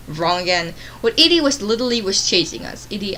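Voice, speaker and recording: A woman's voice: mid-range voice, animated, bright, forceful tone, slight background noise, rough recording. A woman reading online stories aloud, stumbling and restarting words as she goes. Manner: halting reading with frequent restarts. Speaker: story narrator.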